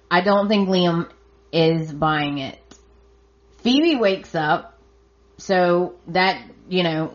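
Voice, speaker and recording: A woman's voice: fairly low pitch, dull audio. A woman hosting a podcast, recapping episodes in a chatty, casual way and reacting with surprise and sarcasm. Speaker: podcast host. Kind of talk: casual soap opera recap.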